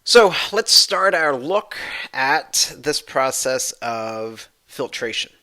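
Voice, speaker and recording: A man's voice: medium pitch, lively intonation, slow pace, sharp tone. A man, a professor, giving a recorded anatomy lecture, explaining step by step and restating his points with many fillers.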